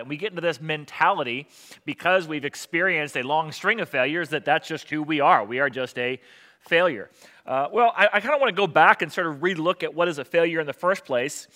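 A male pastor giving a conversational sermon, often pausing with fillers. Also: on the high side, bright, forceful tone. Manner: conversational preaching with many fillers.

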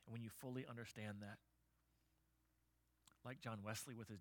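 A man preaching a sermon as pastor, telling stories with animation and closing in soft prayer. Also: lowish voice, fairly even intonation, normal speed, pauses often.

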